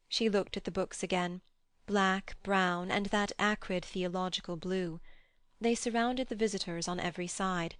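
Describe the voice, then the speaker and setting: A woman's voice: medium pitch, fairly even intonation, normal speed, fairly bright tone, clean tone, dry recording. Woman narrating a classic novel. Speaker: audiobook narrator. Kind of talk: scripted narration.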